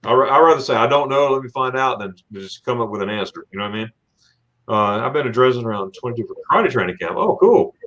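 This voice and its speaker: This is a chatty man hosting a livestream and reading viewer comments aloud. He rambles and restarts his sentences with lots of fillers. His pitch sits in a middle range. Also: animated, fast, a bit bright. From Florida. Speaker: livestream host.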